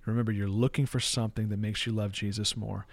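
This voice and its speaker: A man preaching as a pastor, earnest and plain-spoken, reading verses slowly and deliberately. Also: on the low side, little pitch movement, gravelly, no echo. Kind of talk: sermon teaching.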